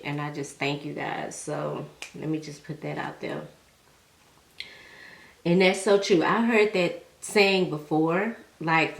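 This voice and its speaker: A young woman with a low-leaning voice talks to her viewers while she does her makeup. She is chatty and heartfelt and drops into relaxed slang, and her voice rings off the walls of an echoey room at home. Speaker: beauty vlogger. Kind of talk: casual chat while doing makeup.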